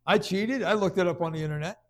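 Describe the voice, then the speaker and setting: A man preaching a conversational sermon, stumbling over restarts and then rising into loud bursts of emphasis. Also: high voice, fast talker.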